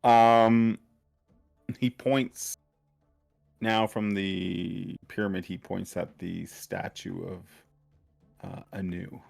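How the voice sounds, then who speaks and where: Slow-spoken male game master, low voice, halting descriptive narration. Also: level tone, vocal fry, a little mellow, soft background music. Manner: halting, descriptive, many fillers.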